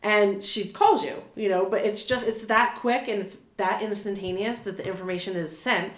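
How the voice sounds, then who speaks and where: A woman's voice: medium pitch, fairly even intonation, moderate pace, reverberant. A woman in her thirties chatting casually as an interview guest, full of fillers, restarts and little laughs. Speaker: animal communicator guest.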